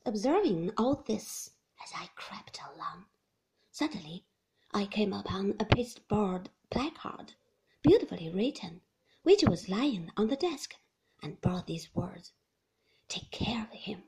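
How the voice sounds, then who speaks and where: Slow, creaky-voiced woman narrator. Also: mid-range voice, very animated, low-quality recording. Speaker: audiobook narrator. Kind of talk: scripted narration of a classic novel.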